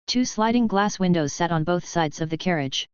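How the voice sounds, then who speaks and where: Very clear, low-voiced woman narrating. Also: animated, normal speed, dry recording, muffled recording. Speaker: audiobook narrator. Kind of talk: scripted narration.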